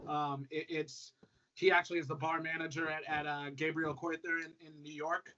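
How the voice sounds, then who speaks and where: Man in his 30s, easygoing guest storyteller, slightly high voice, dull lo-fi sound with faint hiss. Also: moderate pace. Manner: relaxed, upbeat, lots of fillers. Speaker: whiskey brand ambassador, guest. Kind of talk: casual conversational storytelling. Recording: dull lo-fi audio with faint noise.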